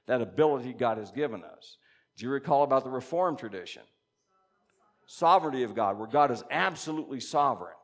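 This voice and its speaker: A man teaching a congregation in a conversational sermon, reading scripture aloud and musing with animated asides. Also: medium pitch. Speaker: pastor or Bible teacher.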